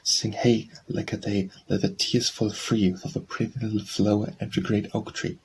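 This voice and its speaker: A man reading poetry aloud for an audiobook in a measured, steady recitation. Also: on the low side, slight background noise, rough recording. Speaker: audiobook narrator.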